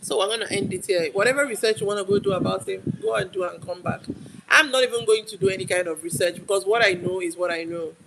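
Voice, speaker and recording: In a noisy background, a young Nigerian woman with a Nigerian accent rants on a live stream, arguing emphatically and driving her points home. Her medium-pitched voice is fast and shows vocal fry.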